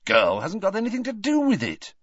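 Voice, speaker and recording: A man voicing a bossy teenage schoolgirl with crisp, sharp retorts. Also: sits high, wildly swooping pitch, a little fast, dry recording, pitched above the performer's own voice, full character voice. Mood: tart. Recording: dry, dull lo-fi.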